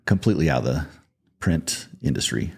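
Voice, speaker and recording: A middle-aged man speaks in an interview with a deep, mellow voice. He talks in a relaxed, plainspoken way and plays down his own success. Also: brisk, creaky, breathy edge. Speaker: podcast guest, business founder. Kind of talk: conversational interview.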